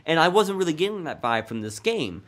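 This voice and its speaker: A man in casual chat about a video game, talking in excitable, animated bursts that swing loud when something thrills him. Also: a little high, a little fast.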